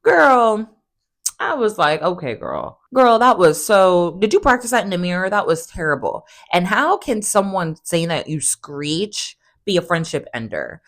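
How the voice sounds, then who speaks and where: A woman hosting a casual recap, chatty and sarcastic, jumping into high voices when she acts out quotes. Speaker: recap host.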